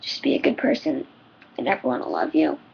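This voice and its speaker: A woman's voice: sits high, wildly swooping pitch, a little fast, gravelly, breathy edge, muffled recording. A teenage girl giving personal advice in a rambling, heartfelt vlog, her voice shaking near tears. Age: teens. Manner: rambling, heartfelt, many ums. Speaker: vlogger.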